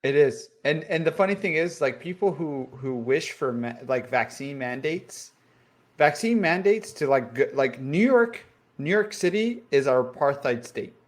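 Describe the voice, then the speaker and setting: Fired-up podcast guy swearing a lot, kinda high voice, keeps repeating himself. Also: animated, unhurried. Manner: profane and worked-up, repeats himself. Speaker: podcast co-host. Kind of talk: heated political podcast chat.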